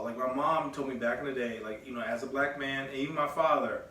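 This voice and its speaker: A man co-hosting a podcast in casual chat, telling a story with lively energy and acting out both sides of a conversation. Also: medium pitch, fairly quick. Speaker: podcast co-host. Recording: echoey room, mic at a distance.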